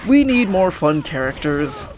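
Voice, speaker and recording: High-voiced man ranting about a game. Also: sing-song, unhurried, darkish tone, slight background noise. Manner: frustrated, swears often, restarts mid-sentence. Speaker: gaming YouTuber.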